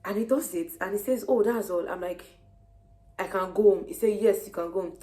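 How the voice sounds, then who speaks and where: A young woman with a Nigerian accent, heavily pregnant, casually retelling her day to camera in an animated way. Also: medium pitch, a little fast. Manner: lively, animated retelling of conversations. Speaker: vlogger.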